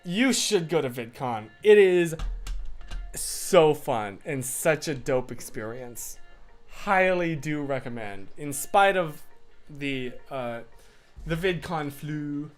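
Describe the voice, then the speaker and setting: A young man hosts a casual livestream from his room, which has a whiteboard, with soft music playing behind him. His voice is a little high, animated and slow as he reads viewer comments and rambles chattily, full of fillers and restarts.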